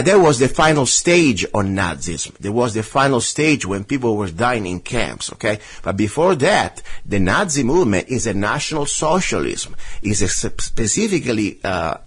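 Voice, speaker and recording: A man's voice: medium pitch, husky. A man with a foreign accent hosting a talk radio show, arguing his case with passion. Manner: impassioned, argumentative, rebutting a listener letter.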